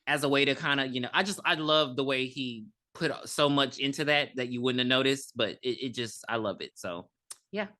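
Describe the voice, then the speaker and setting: An animated podcast co-host retelling a horror film in loose, casual chat. The voice is bright and forward at an everyday middle pitch, and the co-host swears freely while acting out the story. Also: a little fast. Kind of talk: casual movie recap chat.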